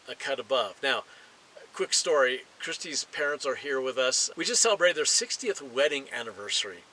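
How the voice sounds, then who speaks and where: A middle-aged man preaching a sermon, emphatic and deliberate, slowing down to stress key phrases. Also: medium pitch, sharp tone, low-quality recording. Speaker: pastor.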